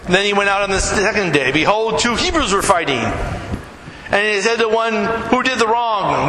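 Man, pastor, sermon, animated storytelling, high voice, very echoey hall, faint room noise. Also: moderate pace. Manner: animated storyteller who acts out quotes.

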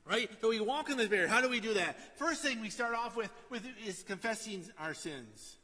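High, bright-voiced preacher in a hall. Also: male voice, animated, normal speed, husky. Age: middle-aged. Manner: conversational, asks "right?" often, drops to a quiet storytelling tone. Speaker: pastor. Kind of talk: sermon.

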